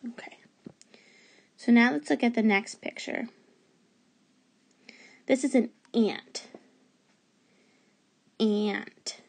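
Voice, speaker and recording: A woman's voice: on the high side, drawn-out words, creaky, pauses often, a little mellow. A woman teacher giving a remote phonics lesson to young children, patiently sounding out letters and words.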